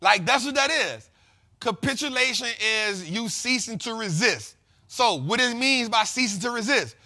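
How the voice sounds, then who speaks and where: A man hosting a casual investing show, explaining market terms in slangy, repetitive, animated talk. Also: very high voice, moderate pace. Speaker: host.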